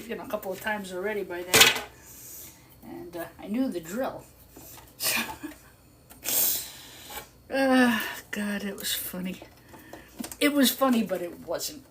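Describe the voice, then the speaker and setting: Chatty older woman, noisy workspace. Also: mid-range voice. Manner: chatty, laughs often, animated when quoting others. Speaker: live stream host. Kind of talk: casual storytelling while working. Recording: clear background noise with clicks.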